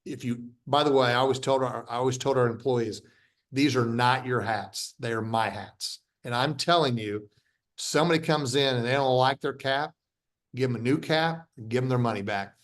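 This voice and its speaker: A man's voice: medium pitch, a little fast. A middle-aged man, a company founder being interviewed, talking bluntly and emphatically, repeating his points and restarting sentences. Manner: acts out quoted dialogue in his stories. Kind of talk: casual interview talk.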